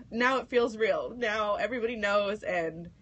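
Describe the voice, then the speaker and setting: A woman's voice: medium pitch, measured pace, a bit bright, husky, highs cut off. A woman radio co-host talks on air, nervous and tearful. She laughs through her words as she shares her news. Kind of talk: emotional on-air announcement.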